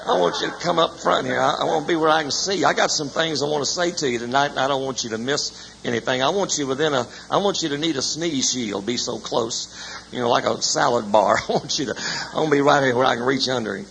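An older man delivers a sermon in a church with a folksy, joking storyteller's cadence. His voice has a gravelly edge and sits in a middle pitch. The recording carries a long church-hall echo and a faint hiss. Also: quick pace, a bit bright. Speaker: preacher. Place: church sanctuary.

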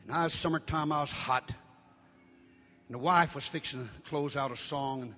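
An older man preaching a sermon, shouting his lines in Pentecostal style and dropping low when telling a story. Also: normal speed, big-room sound. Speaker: pastor.

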